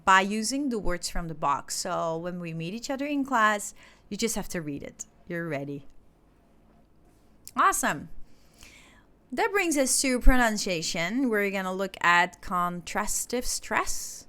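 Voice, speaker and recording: A woman's voice: medium pitch, big pitch swings, a little slow, pushed and bright. A woman from Indonesia, an English teacher explaining a lesson step by step to her class. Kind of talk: recorded online lesson.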